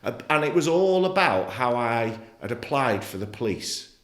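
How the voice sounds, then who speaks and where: This middle-aged man from England, once a footballer, is very animated at a moderate pace with a mid-range voice. As a podcast guest he tells his personal story bluntly and with feeling, swearing freely, and the studio is reverberant.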